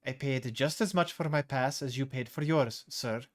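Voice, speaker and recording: A man voicing a weary young woman on a bus, speaking in a flat, firm, curt manner. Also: medium pitch, moderate pace, natural voice. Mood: coldly polite. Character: fierce young female bus rider, fed up.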